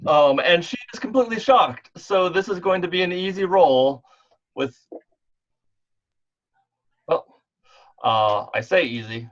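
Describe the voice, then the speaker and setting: A man's voice: high-pitched, animated, unhurried, long pauses, highs cut off. A man running an online tabletop game as game master, talking in a rambling way full of fillers and restarts. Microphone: online voice call.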